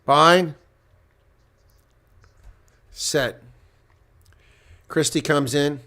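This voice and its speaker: A man giving live reaction play-by-play commentary on a rugby match, getting loud on big plays and dropping to quiet asides. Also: a little high, very slow.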